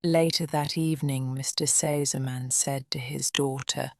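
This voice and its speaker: A woman narrating a storybook audiobook slowly and softly, often in a near whisper. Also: extremely low pitch, little pitch movement, creaky, dry recording, clean studio sound. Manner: slow, soft, often whispered.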